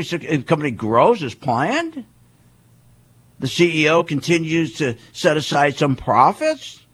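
Guy with a husky voice on a fired-up rant, keeps asking questions, does little voices for people. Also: on the high side, a bit bright. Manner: emphatic, rhetorical questions, acts out quoted voices. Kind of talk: animated monologue on markets.

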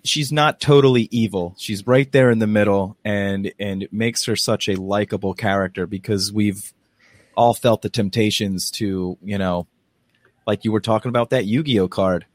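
A man co-hosting a podcast, chatting casually and telling stories in a rambling, animated way with plenty of restarts. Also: on the low side, unhurried, no room sound. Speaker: podcast co-host. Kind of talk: casual chat.

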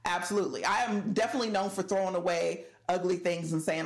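A mid-pitched woman from California talks in easy chat-show banter as a co-host. She states her opinions firmly and leans on fillers such as "like" and "I mean". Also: fast talker. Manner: emphatic, opinionated, filler-heavy. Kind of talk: casual chat.

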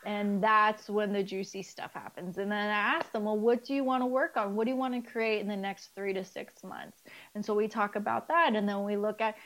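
A woman's voice: medium pitch, brisk, poor audio. A middle-aged woman, a spiritual life coach, talking casually as a podcast guest and acting out remembered conversations. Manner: animated storytelling, acts out quoted dialogue; candid, swears casually and laughs.

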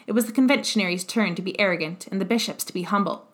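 Woman narrating an audiobook, steady. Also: mid-range voice, quick pace.

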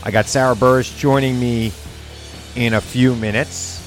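A man's voice: mid-range voice, steady tone, normal speed, faint music behind. A middle-aged man hosting his podcast in a rambling casual chat, often stumbling and restarting. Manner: rambling, self-interrupting, stammers on restarts. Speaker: podcast host.

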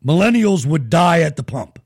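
A middle-aged man hosting a live show, telling profane, animated stories in casual chat. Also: fairly high pitch, moderate pace, breathy edge. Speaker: show host.

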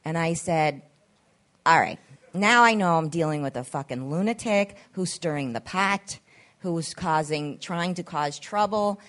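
A woman's voice: low voice, lively intonation, measured pace, a bit bright. A woman hosting a podcast, telling a story in casual chat, acting out the quoted voices and swearing freely. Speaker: podcast host.

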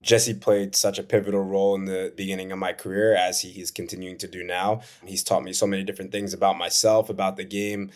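A man's voice: low voice, flat delivery, fairly quick, few pauses, a little mellow. A man, a footballer answering interview questions in an earnest, reflective way. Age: 20s. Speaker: professional footballer, guest.

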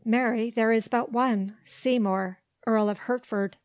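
A woman's voice: a little high, steady tone, measured pace, a little mellow, no echo, lightly acted. A woman voicing a chatty old man who rambles on with village gossip in an audiobook. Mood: gossipy.

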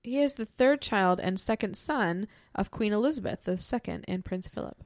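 A woman's voice: mid-range voice, expressive, moderate pace, dry recording, clean studio sound. A woman co-hosting a podcast, teasing her co-host and laughing in casual chat. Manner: teasing, laughing, with a gravelly edge.

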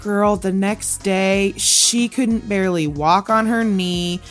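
A woman's voice: mid-range voice, slow, soft background music. A woman co-hosting a casual podcast chat, telling stories bluntly and with plenty of swearing, punctuated by quoted outbursts. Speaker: podcast co-host.

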